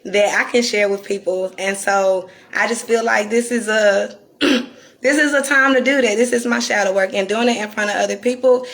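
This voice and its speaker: Woman, Southern North Carolina accent, raspy croaky voice, candid, slow and deliberate. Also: mid-range voice, steady tone, a bit bright. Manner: reflective and candid, slowed deliberate delivery. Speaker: astrologer live-streaming to viewers. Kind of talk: casual live-stream talk.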